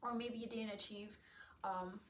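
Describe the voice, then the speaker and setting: A woman's voice: medium pitch, fairly even intonation, unhurried, a little hiss or hum. A young woman hosting a casual solo podcast, chatty and encouraging, laughing often; English is not her first language. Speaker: podcast host and nutrition coach.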